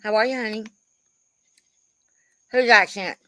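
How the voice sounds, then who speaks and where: A woman's voice: mid-range voice, a little slow, a bit bright, dry recording. A woman chatting casually on a livestream, talkative and swearing offhandedly.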